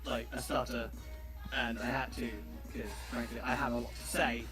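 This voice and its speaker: English guy chatting on stream, super crisp slightly posh diction, music going behind. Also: mid-range voice, flat delivery, moderate pace. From southeast England. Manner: carefully enunciated, somewhat pompous. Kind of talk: casual chat on a stream.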